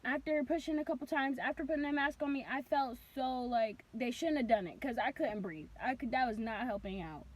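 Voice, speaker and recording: A young woman with a high voice tells her story in a casual vlog. She rambles, leans on "like" constantly, and bursts into loud reenacted cries now and then. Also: brisk, few pauses. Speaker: vlogger.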